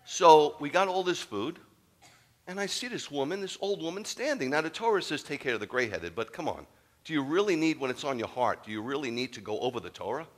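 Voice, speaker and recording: A man preaching a sermon as a rabbi, telling a story with humor, moving from quiet asides to loud punchlines. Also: a little high, very animated, brisk.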